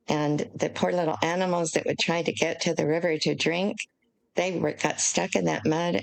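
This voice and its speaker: Low, gravelly-voiced older American woman. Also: rough recording. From United States. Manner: earnest, emotional at times, measured. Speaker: interview guest, author. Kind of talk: earnest explanatory interview talk.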